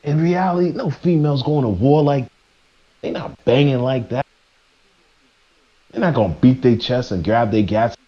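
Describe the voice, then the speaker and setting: A man's voice: medium pitch, normal speed, pauses often, lo-fi sound. A man streaming live, ranting preachily to his chat, stumbling and restarting as he presses his points. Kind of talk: casual rant to a live chat.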